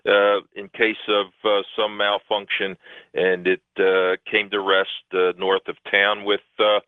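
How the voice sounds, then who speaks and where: Low-voiced male phone guest, rambling, emphatic, heard over a tinny, dry line. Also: level tone, a little slow, clean tone, dry recording. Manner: rambling, emphatic, many fillers. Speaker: guest researcher. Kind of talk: phone-in radio interview.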